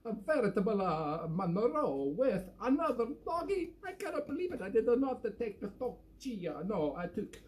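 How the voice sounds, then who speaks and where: Playful Scottish man, lively voice. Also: high voice, a little slow, hardly any pauses. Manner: playful, jokey and self-mocking. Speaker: accordion player hosting a weekly live show. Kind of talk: casual chat between tunes. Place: at home.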